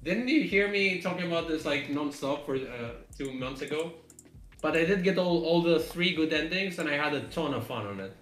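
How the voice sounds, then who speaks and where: A man's voice: on the high side, animated, normal speed, fairly bright tone, echoey room. A man co-hosting a game development live stream, chatting casually and rambling with lots of fillers and laughs.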